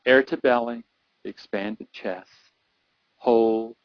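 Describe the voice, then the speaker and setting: A middle-aged man, a performance coach, leading a guided visualization exercise, talking slowly and soothingly, repeating phrases and building up to urgency. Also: medium pitch, fairly even intonation, no room sound. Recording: dull lo-fi dry recording.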